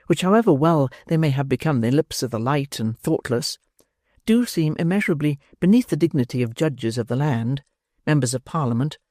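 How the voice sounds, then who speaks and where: Measured audiobook narrator, dry close sound. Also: medium pitch, no echo. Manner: measured, expressive storytelling with dry wry emphasis.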